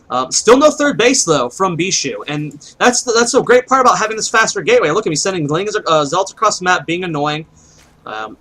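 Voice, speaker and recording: An esports caster gives solo play-by-play on a strategy game match, chatty and explanatory, often thinking out loud and posing questions to himself. His voice is a little high, pushed and bright, and the recording is rough.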